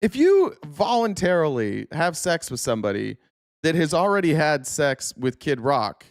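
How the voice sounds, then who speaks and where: A man's voice: on the high side, sing-song, moderate pace, dry recording, studio quality. A man hosting a political livestream, sarcastic and joking, answering his chat as he goes. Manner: sarcastic, talks back to chat. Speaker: host. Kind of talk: casual political livestream commentary.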